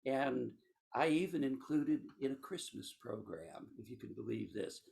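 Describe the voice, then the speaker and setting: A man's voice: medium pitch, unhurried, creaky. A man, a voice actor, telling stories as a guest in a casual conversation. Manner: animated storyteller.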